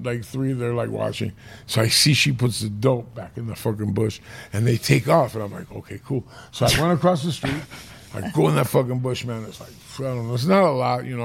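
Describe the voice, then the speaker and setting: A man, telling a rough street story in casual, profane podcast chat. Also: mid-range voice.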